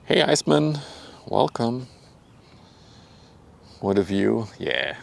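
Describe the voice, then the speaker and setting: He's a young livestream host with a Dutch accent, speaking a little slowly in a fairly low pitch full of vocal fry and long pauses. Sitting outdoors by a river, he chats casually and easily, laughs often, calls out viewers by name, and occasionally goes quiet so as not to bother anyone nearby.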